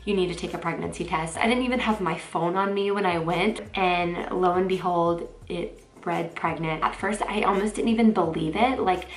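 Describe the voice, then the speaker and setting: A woman, talking excitedly to camera in a casual vlog, full of fillers. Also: fairly low pitch, moderate pace, few pauses, soft background music. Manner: excitable, chatty, filler-heavy. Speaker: vlogger. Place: parked car. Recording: roomy echo with faint noise.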